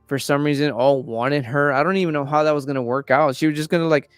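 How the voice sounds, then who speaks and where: A young man in casual chat, rambling and swearing a lot while retelling a story with animated energy. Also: a little high, fast, smooth, dry recording, soft background music. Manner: acts out quoted characters in raised voices. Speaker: podcast host.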